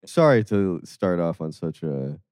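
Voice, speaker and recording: Low, lively, mellow-voiced male podcaster. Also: unhurried, clear, resonant tone, dry recording. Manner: hesitant, many fillers, giggling laughs. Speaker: podcast co-host. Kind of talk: casual comedic chat.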